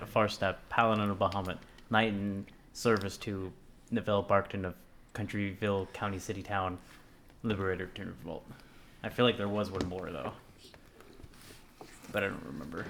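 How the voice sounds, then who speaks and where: A man's voice: fairly low pitch, normal speed, pauses often, a bit bright, slight background noise. A man playing in a tabletop game, chatting in an easygoing, joking way. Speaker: player. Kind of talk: casual tabletop game chat.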